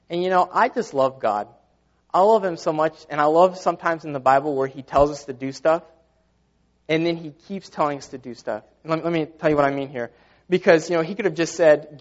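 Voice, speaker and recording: A man's voice: on the high side, brisk. Earnest man preaching a sermon. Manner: earnest, conversational with repeated fillers. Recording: dull lo-fi sound.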